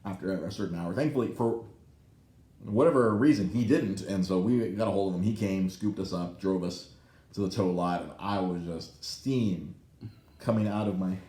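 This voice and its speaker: A man in his thirties hosting a podcast, telling a story in a casual, animated way, swearing often and acting out the voices he quotes. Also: low-pitched, moderate pace, echoey room. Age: 30s. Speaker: podcast host. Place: podcast studio in a comic shop.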